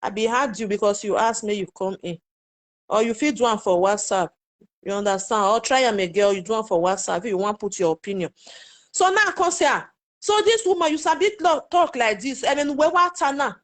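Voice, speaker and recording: A woman's voice: on the high side, fairly quick. Chatty woman with a Nigerian Pidgin accent. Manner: exclamatory, chatty, addresses viewers directly. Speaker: social media commentator. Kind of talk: casual live commentary to viewers.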